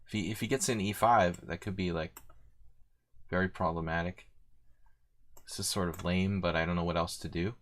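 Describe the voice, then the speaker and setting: Man, deep voice, chess streamer, talks through moves as he plays, meandering, lots of "like". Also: steady tone, moderate pace, pauses often. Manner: thinks aloud, rambling, heavy use of "like". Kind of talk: live commentary while playing blitz chess.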